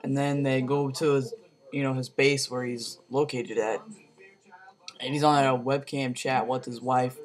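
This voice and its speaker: Casual reviewer, male, monotone delivery, loose rambling retelling full of "um" and "like". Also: mid-range voice, a little slow. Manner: rambling, full of fillers and slang. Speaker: movie reviewer.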